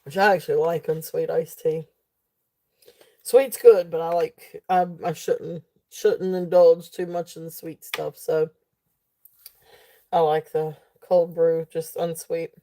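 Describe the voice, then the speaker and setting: A woman's voice: sits low, steady tone, slow, warm tone. A woman hosting a live jewelry sale stream, chatting casually in a rambling way with frequent laughter. She sounds sleepy and keeps yawning.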